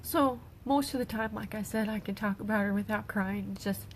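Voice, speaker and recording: A middle-aged woman, tearful, speaking haltingly on an emotional personal livestream as a grieving mother. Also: medium pitch, slight background noise, poor audio. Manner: halting, with pauses and restarts. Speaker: grieving mother sharing her daughter's story.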